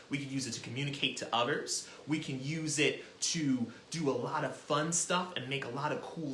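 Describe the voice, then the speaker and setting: A man hosting a children's music lesson, talking in an animated, encouraging way and demonstrating as he goes. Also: a little high, reverberant, a little hiss or hum. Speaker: children's music teacher and host.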